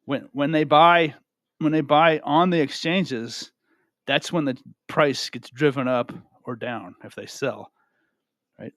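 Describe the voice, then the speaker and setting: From a home room with a cat, a male crypto video host talks to camera in a casual, rambling way, often asking "right?" and repeating himself. His mid-range voice has a fairly bright tone, recorded at studio quality with no room sound.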